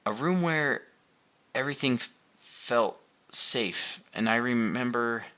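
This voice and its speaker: A man's voice: on the low side, a little fast, sharp tone. A man reading the part of a confused adult son who has just awakened, asking earnest, puzzled questions in an audiobook.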